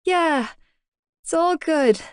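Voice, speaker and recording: A woman reading an audiobook, voicing a shy, awkward teenage girl who talks high and flustered. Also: moderate pace, warm tone, no room sound, clean studio sound, lightly acted. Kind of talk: audiobook character voice.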